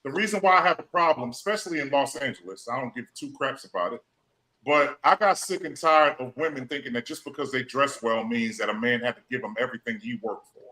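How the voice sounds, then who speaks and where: Blunt, fed-up man with a bright, forceful voice. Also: mid-range voice, quick pace, poor audio. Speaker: panelist. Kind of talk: talk show discussion.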